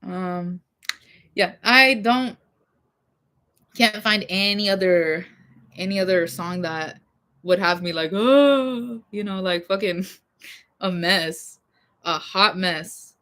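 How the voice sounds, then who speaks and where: A woman's voice: on the low side, steady tone, slow pace, pauses often, sharp tone. A young woman vlogger chatting casually about songs that move her, rambling with lots of fillers and laughing asides. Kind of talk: casual chat about music.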